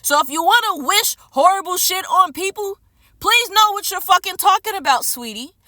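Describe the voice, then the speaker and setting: A woman's voice: very high-pitched, lively intonation, moderate pace, pushed and bright, dry recording, studio quality. A woman delivering an unscripted, furious rant to camera as a vlogger. She swears heavily and hammers home her points by repeating phrases. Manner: furious, profane and emphatic. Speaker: streamer and vlogger.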